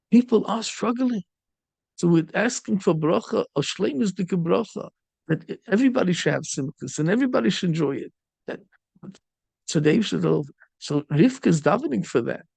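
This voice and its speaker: A man's voice: high-pitched, creaky, a little mellow, slightly rough, no room sound. A middle-aged man, a rabbi, giving a storytelling sermon peppered with Yiddish and Hebrew terms.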